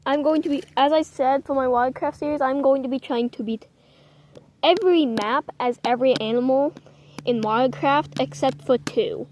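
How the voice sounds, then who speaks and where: High-voiced young woman vlogging outdoors. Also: normal speed, a little mellow, slight background noise. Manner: chatty and rambling, with frequent apologies. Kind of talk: casual outdoor vlog chat. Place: outdoors in the cold, sitting on rocks.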